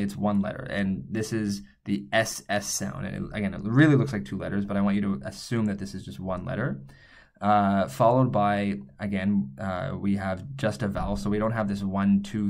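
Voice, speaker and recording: A man's voice: lowish voice, a little mellow. A man teaching Korean letters, patiently explaining each step as he writes them out. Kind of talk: whiteboard writing lesson.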